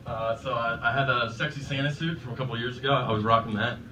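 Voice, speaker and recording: A man's voice: mid-range voice, steady tone, fast talker. A man guesting on a podcast, telling rambling, profane stories in a laid-back way. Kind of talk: casual storytelling. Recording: dull, distant mic with faint noise.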